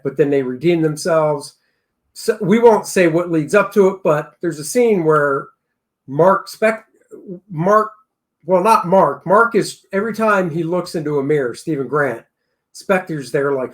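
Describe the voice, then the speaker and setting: Slightly high-voiced excitable male co-host. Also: a little slow. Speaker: show co-host. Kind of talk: casual TV review chat.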